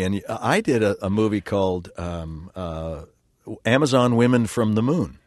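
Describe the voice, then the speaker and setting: A man's voice: on the low side, lively intonation, a little slow, darkish tone. An older man, a working actor, telling rambling, self-deprecating stories in a casual interview, with lots of fillers and restarts. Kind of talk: casual interview talk, storytelling.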